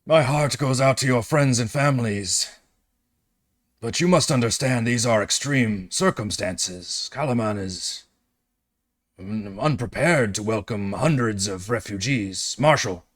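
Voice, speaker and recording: A man voicing a formal male city governor who speaks in a measured, grave way. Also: mid-range voice, pitched above the performer's own voice, natural voice.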